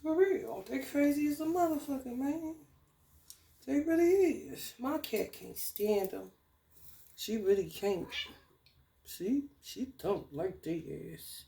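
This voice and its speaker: Brief: woman, profane spiritual vlogger, slightly high voice, roomy echo. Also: takes it slowly, vocal fry, long pauses. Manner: profane, animated, laughing outbursts. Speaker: spiritual tarot reader. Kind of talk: casual spiritual vlog rant.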